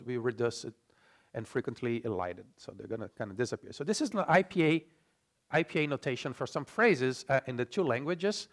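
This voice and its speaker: A man from Brazil with a Brazilian Portuguese accent, presenting a language talk in English to an audience and often checking in with "okay?". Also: fairly high pitch. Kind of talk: conference talk explaining slides. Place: lecture room.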